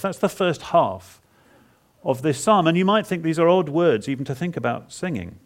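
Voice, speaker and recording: A man preaching an expository sermon at a conference. He retells a psalm dramatically in the first person, halting and repeating words for emphasis. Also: on the high side, expressive.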